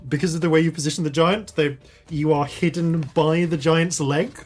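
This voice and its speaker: A man's voice: a little high, fairly even intonation, normal speed. A man running a tabletop game as dungeon master, narrating scenes with lots of laughter and improvised descriptions.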